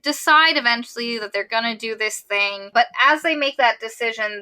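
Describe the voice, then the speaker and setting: A woman's voice: medium pitch, sharp tone. A woman co-hosting a book review podcast, chatting casually and acting out the characters' lines as she retells the story. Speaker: podcast co-host.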